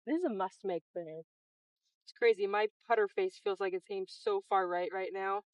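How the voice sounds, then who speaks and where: In a casual golf vlog filmed outdoors at dusk, a young woman chats and coaches herself over every shot, breathless from running between them. Her medium-pitched voice moves at a moderate pace in a dry, low-quality recording.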